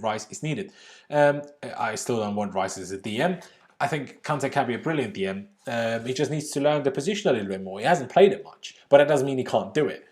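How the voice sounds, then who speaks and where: Young male streamer, relaxed and chatty, answers viewer comments off the cuff, mid-pitched voice, a bit loud and rough around the edges. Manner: chatty and informal, swears, reacts loudly to comments. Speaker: livestream host. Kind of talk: casual livestream chat, reading viewer comments.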